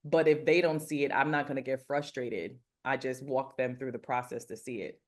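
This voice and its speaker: Woman, low voice, earnest and rambling, casual interview guest. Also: fairly even intonation, moderate pace. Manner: earnest, rambling, frequent fillers. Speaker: celebrity makeup artist and mentor. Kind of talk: casual faith-focused interview talk.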